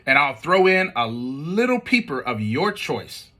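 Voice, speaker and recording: A man's voice: on the high side, big pitch swings, unhurried, pushed and bright, full character voice. A man voicing a dramatic little boy who pleads to keep his toys. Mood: pleading. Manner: pleading, melodramatic.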